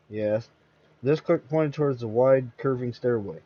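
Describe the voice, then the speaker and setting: A man hosting and reading a horror story aloud, steady with occasional slips and restarts. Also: medium pitch, moderate pace, dull audio. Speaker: host and storyteller.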